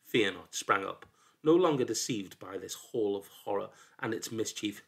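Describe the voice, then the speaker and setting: A man narrating a folk tale in an expressive, dramatic storybook reading that drops into hushed lows. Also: normal speed, creaky, husky.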